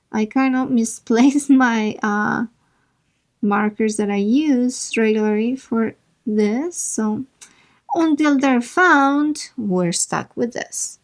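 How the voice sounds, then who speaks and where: A woman hosting a drawing tutorial, chatting casually as she works and making playful asides to herself. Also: a little high.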